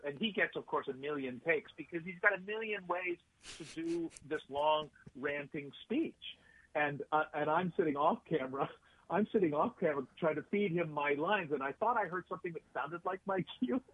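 A man's voice: a little high, breathy edge, dry recording. Man telling rambling stories over a tinny line. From United States. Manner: rambling storyteller, many fillers and restarts. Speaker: actor and writer, guest. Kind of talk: casual interview anecdotes.

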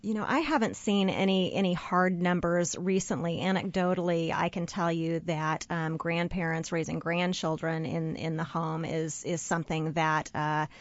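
A woman's voice: lowish voice, fairly even intonation, normal speed, few pauses, dry recording. A woman who is a guest expert on a radio show, explaining things earnestly with frequent restarts. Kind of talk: radio interview. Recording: slightly dull, dry radio sound.

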